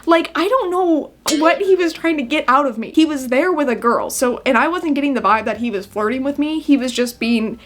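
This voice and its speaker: A high, bright-pitched young woman in her twenties chats straight to camera in a casual vlog storytime. She rambles in an animated way, stacking fillers and breaking into laughs as she goes. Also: a little fast, hardly any pauses. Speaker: vlogger.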